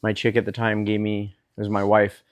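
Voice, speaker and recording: A man's voice: on the low side, completely flat delivery, brisk. A man co-hosting a podcast, chatting casually and dropping short, wry quips. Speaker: podcast co-host. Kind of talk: casual chat.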